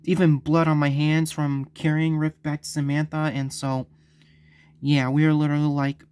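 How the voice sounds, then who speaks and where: A man telling a story on his vlog, halting and stumbling, often repeating himself. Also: a little high, flat delivery, darkish tone, smooth, no room sound. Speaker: vlogger.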